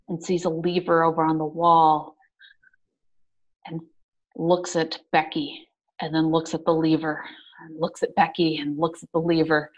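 A woman player describing her character's actions in a tabletop game. Her voice is low and hushed, and she talks at an unhurried pace. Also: low-quality recording. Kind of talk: tabletop role-play narration.

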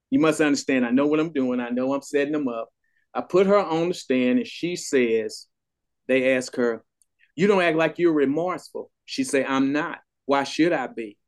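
Older guy, trial lawyer spinning a courtroom story, animated, does the voices. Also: medium pitch. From Texas. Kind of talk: storytelling in a podcast interview.

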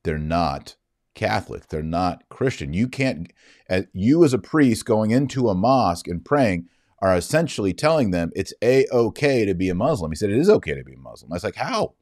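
Casting: man, very low voice, emphatic storyteller, dry close sound. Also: lively intonation, normal speed, a little mellow, no echo. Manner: emphatic, indignant retelling. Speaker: Catholic commentator. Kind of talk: storytelling monologue.

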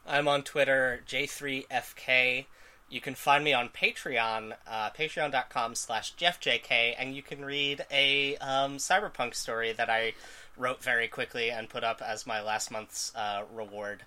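A man's voice: mid-range voice, fairly even intonation, unhurried, pushed and bright. A man co-hosting a podcast in casual, wry chat, loosely filled with ums. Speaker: podcast co-host.

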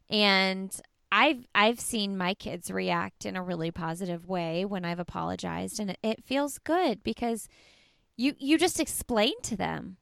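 A woman's voice: medium pitch, unhurried, gravelly, a bit bright, clear, resonant tone, dry recording, clean studio sound. A woman in her thirties hosting a podcast, supportive and reflective, sharing her own parenting. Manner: supportive, reflective, frequent affirmations. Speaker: podcast host. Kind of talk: podcast conversation.

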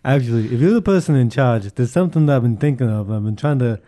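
A man with a mellow, warm tone plays a tabletop role-playing game. He talks earnestly and rambles a little while speaking in character. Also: mid-range voice, lively intonation, fast. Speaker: player. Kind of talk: casual tabletop role-play.

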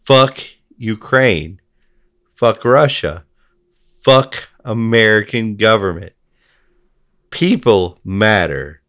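A man's voice: lowish voice, animated, very slow, pauses often, a bit bright. A man in a heated conversation, talking bluntly and swearing freely as he rants. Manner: blunt, profane ranting.

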